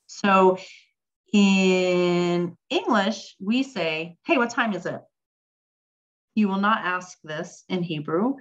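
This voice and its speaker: This Hebrew teacher, a woman with a lowish voice, runs a casual online language lesson, chatting away with lots of ums as she reads chat questions aloud and answers them. The recording has its highs cut off.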